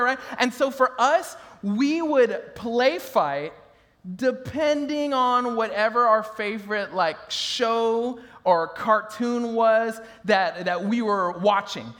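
A pastor in his thirties gives a slow sermon in a notably high voice, his words ringing through a large, reverberant hall. He tells family stories with easy humor in an animated way, often laughing along with the congregation.

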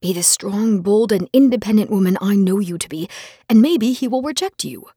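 A woman voicing a breathy, wry young nobleman. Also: medium pitch, animated, normal speed, dark tone, no echo, studio quality. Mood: gentle. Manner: easygoing, wry, teasing.

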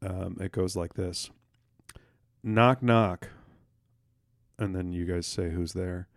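A man co-hosting a podcast, telling jokes in a rambling, halting way with lots of fillers and restarts and casual swearing. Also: low voice, completely flat delivery, creaky, mellow, dry recording, clean studio sound. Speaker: podcast co-host.

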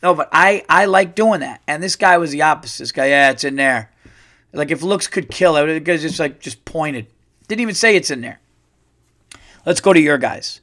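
A man's voice: a little high, moderate pace. Profane, ranting podcast host, a man. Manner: profane, animated storytelling with acted-out quotes. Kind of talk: ranting comedic monologue.

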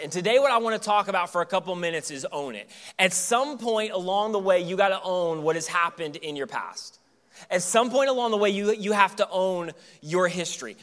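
A man's voice: sits high, fairly bright tone. A man in his thirties, a pastor preaching a sermon in church in a casual, joking storytelling way.

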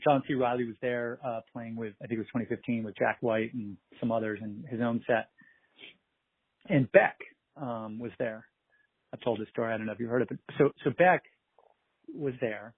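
A man, a festival producer, telling animated anecdotes in a casual interview, quoting people and laughing often. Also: mid-range voice, normal speed, no room sound. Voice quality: husky, gravelly. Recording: tinny phone-like line.

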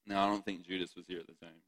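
A man's voice: sits low, level tone, fast talker, fairly bright tone, rough recording. A man giving a sermon, reading scripture and chatting to the congregation with frequent laughs and "right?" asides. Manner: chatty, laughs often, asks the audience "right?". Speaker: preacher.

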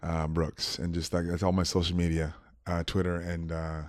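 A man in his thirties, a podcast guest, chatting casually and telling stories with lively quoted voices and frequent laughs. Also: deep voice, moderate pace. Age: 30s. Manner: animated storyteller, laughs often, acts out quotes. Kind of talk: casual chat.

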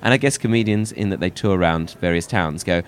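A man's voice: low-pitched, fairly quick, slight background noise. A man with a southern English accent, from North Kent, trading jokes in casual comedic chat and laughing often. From England, North Kent.

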